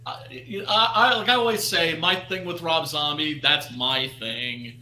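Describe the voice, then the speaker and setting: A man's voice: fairly high pitch, measured pace, bright, forceful tone. A man co-hosting a casual movie podcast, talking hesitantly with many fillers. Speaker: podcast co-host. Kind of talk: casual chat. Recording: echoey room, faint noise.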